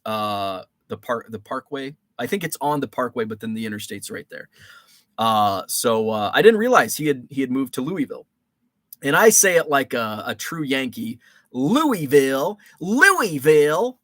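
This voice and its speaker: A man hosts a casual live stream and chats with viewers in a loose, rambling way, full of fillers and false starts. His voice sits at an ordinary middle pitch. The recording is dry and close, with almost no room sound. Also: animated, normal speed, fairly bright tone, no room sound. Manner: rambling, many fillers and restarts.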